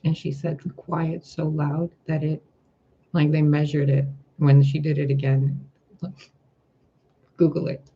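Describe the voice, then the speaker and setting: A man giving a spiritual tarot reading, talking in a gentle, reflective way and asking rhetorical questions. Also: a little high, completely flat delivery, a little slow, long pauses, slightly rough, muffled recording. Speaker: tarot reader.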